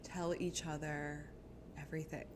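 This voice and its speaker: A woman's voice: low-pitched, little pitch movement, moderate pace, a little hiss or hum. Woman co-host, emphatic and chatty. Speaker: podcast co-host. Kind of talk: casual chat.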